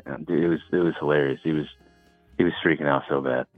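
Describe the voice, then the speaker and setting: A man, his voice very deep and thin like a tinny phone line. He tells stories in an easygoing way, padded with fillers. The sound is dry and close. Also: fairly even intonation, quick pace, no room sound, soft background music. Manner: laid-back storytelling with filler words. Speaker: caller. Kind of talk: casual phone call.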